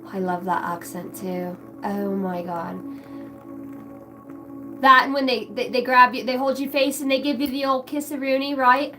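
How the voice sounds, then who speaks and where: Her voice is high and steady at a normal pace, set over music in a poor-quality recording. This middle-aged woman runs a tarot livestream, cursing often and bouncing around the chat as she reads messages aloud.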